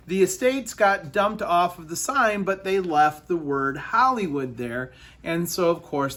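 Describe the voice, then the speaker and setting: Slow, halting male history teacher. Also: high voice, fairly bright tone. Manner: slow, halting delivery with many fillers and repeated phrases. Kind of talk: recorded history lesson.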